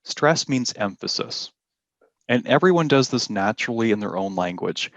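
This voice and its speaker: A man teaching an exam-prep class, explaining slowly and deliberately and stressing key words. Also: mid-range voice, lively intonation, gravelly, fairly bright tone, no echo. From Canada. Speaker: IELTS teacher. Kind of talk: classroom lesson.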